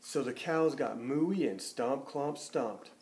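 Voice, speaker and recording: Man, storybook read-aloud, expressive, mid-pitched, sentence ends sink low and soft. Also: slow, slight background noise. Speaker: teacher reading a picture book aloud.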